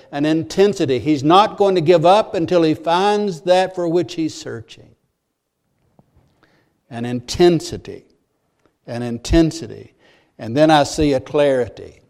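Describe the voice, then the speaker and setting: Earnest preacher man, higher voice. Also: a little mellow. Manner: earnest, repeats key phrases for emphasis. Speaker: pastor. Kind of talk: sermon.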